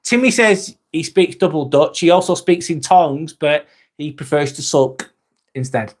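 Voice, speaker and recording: English bloke hosting a loose live chat, jokey and crude, voice sits a little high. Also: male voice, expressive, normal speed. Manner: sweary, joking and self-mocking. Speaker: live stream host. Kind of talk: casual live-stream chat.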